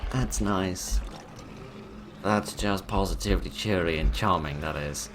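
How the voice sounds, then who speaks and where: A man narrates a let's play of a horror game with dry, sarcastic commentary as he plays. His voice sits low and moves at a measured pace, with background noise in the recording.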